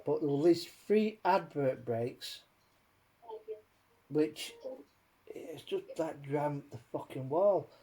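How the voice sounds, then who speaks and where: A man's voice: fairly high pitch, lively intonation, takes it slowly, pauses often, warm tone. A man hosting a casual chat, rambling and swearing as he rants with many fillers. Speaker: host.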